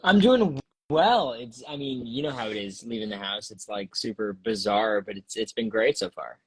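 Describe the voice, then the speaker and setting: A man's voice: fairly low pitch, lively intonation, moderate pace, breathy edge, no room sound, low-quality recording. A man chatting as a guest over a phone video call, laid-back and rambling, worn out after partying and recovering from a cough. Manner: laid-back, rambling, lots of fillers and laughs. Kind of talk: casual chat.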